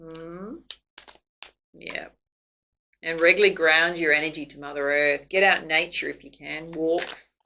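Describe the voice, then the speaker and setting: A woman's voice: deep voice, fairly even intonation, unhurried, pauses often, sharp tone, slight background noise, poor audio. A woman doing a casual tarot reading to camera, chatty and laughing often. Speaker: psychic tarot reader.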